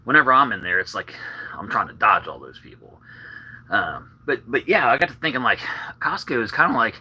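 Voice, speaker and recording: A man's voice: medium pitch, bright, forceful tone, breathy edge, rough recording. A man rambling casually on a live stream, slightly out of breath, with meandering talk full of fillers and restarts.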